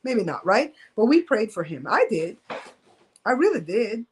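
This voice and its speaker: A woman's voice: medium pitch, sing-song, measured pace, slight background noise, low-quality recording. Candid, emphatic woman hosting a home live stream. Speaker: host of a live show. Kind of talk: casual live-stream storytime.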